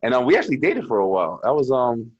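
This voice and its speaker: A quick-talking young man with a husky voice tells cursing-laced stories in a relaxed chat. His pitch swings widely as he acts out the lines of the people in them. The recording is a little muffled and lo-fi. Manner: loose, profane storytelling with acted-out quotes. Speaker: co-host. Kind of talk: casual chat.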